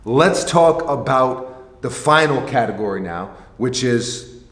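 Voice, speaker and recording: A man's voice: medium pitch, animated, slow, a bit bright. A man chatting casually as a sneaker vlog host, joking and restarting his sentences. His voice sits mid-range and rings with long reverb in a roomy space. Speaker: sneaker vlogger. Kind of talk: casual chat.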